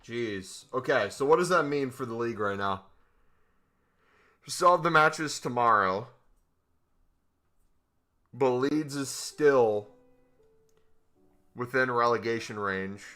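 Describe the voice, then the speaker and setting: Excitable male streamer, lively bright voice. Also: mid-range voice, slow pace, pauses often, soft background music. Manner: excitable and joking, with whoops and laughs. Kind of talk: live-stream gaming chatter. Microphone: streaming microphone.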